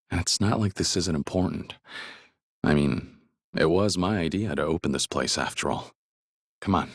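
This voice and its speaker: An actor playing a stoic, kind middle-aged ex-yakuza in a video game, speaking plainly and steadily. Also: male voice, husky, dry recording, studio quality, heavily acted. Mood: encouraging. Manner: plainspoken, steady, low-key.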